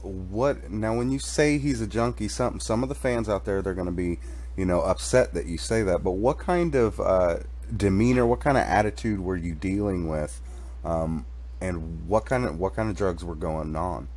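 A deep-voiced man interviewing a guest, probing calmly. A faint hiss of background noise runs under his voice. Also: normal speed. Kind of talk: interview questions.

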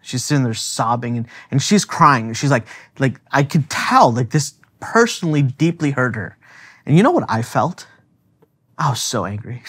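A man speaking as theologian co-host in a podcast discussion, animated and emphatic, with frequent filler words. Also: medium pitch, moderate pace, husky.

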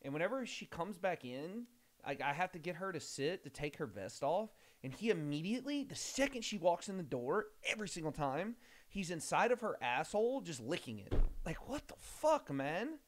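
A young man streaming a game, chatting casually, swearing often and rambling excitedly. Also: a little high, a little fast. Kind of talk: casual livestream chat.

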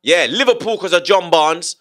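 A man hosting casual football banter, animated and laughing often, full of slang. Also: high voice, normal speed. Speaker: host.

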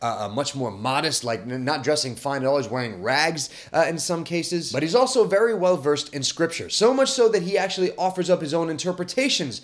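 A man's voice: on the high side, a little fast, few pauses. Chatty young man hosting a history show. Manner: chatty and animated, with frequent fillers and restarts. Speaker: podcast host. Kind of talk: casual history explainer.

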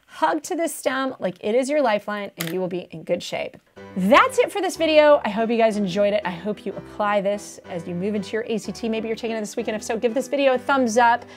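A young woman tutoring test prep in a playful, animated way, acting out what students think. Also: on the high side, fast, faint music behind. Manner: playful, acts out students' inner voices.

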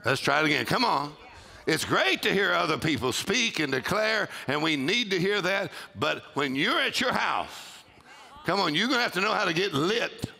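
A man, preaching a sermon with shouted exclamations and call-and-response to his congregation. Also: high-pitched, sing-song, normal speed, gravelly. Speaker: pastor. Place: church auditorium with congregation.

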